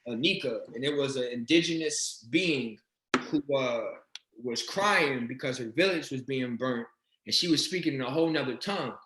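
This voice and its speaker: A man's voice: medium pitch, normal speed, roomy sound, rough recording. A man telling wild stories in a casual interview, cursing and laughing as he talks. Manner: swearing, animated, laughing storyteller. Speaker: interview guest, regression practitioner. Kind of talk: casual storytelling chat.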